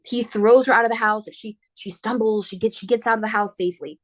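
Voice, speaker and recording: A woman hosting a book podcast, retelling a horror novel's plot in a casual, animated way with slangy asides. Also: on the high side, quick pace. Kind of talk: casual spoiler book talk.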